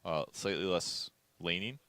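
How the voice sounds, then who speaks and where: A man's voice: deep voice, a little slow, pushed and bright, no echo. A man casting a video game match in a laid-back, rambling way, thinking aloud about the picks. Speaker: esports caster. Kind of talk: casual game commentary.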